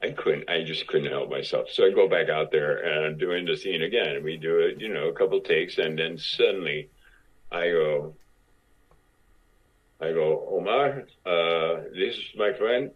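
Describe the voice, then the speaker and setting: An older man in his sixties with a low, husky voice tells a story in an unhurried way and acts out the lines of the people in it. The sound is dull and lo-fi. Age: 60s. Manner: acts out other people's lines while telling stories. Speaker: actor, podcast guest. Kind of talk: casual anecdote telling.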